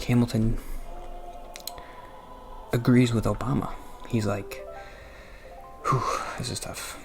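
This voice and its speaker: A man hosting casual gameplay commentary, talking in a hushed, half-whispered, self-conscious way close to the mic in his apartment. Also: lowish voice, vocal fry. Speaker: let's play host. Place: apartment room.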